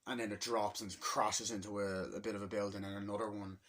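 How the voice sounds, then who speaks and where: A man's voice: on the low side, flat delivery, fairly quick, fairly bright tone. A man casually retelling a movie's opening scene by scene in a rambling, profane vlog review.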